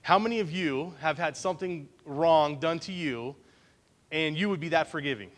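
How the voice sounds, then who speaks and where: Casual, higher-voiced man preaching. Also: normal speed. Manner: casual, often checks in with listeners by asking "right?". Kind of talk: conversational Bible-study sermon.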